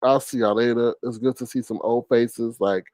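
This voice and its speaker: A man's voice: steady tone, normal speed, a little mellow, no echo. Man, livestream host, sassy theatrical roasting, dry close sound. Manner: sassy, theatrical, swings pitch. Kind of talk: casual roast commentary.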